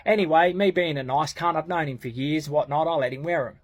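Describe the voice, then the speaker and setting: Husky, slightly high-pitched Australian bloke in his thirties, crude and blunt, telling a story off the cuff. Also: a little fast. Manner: swearing, slang-heavy, blunt. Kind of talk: casual storytelling.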